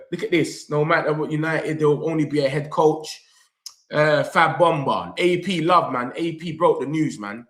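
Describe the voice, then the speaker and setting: A young man, hosting a football fan reaction vlog. He talks in an animated, slangy way, straight to his viewers, and reads their comments aloud. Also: on the high side. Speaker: football fan channel host. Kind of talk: excited live reaction vlog. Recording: echoey room.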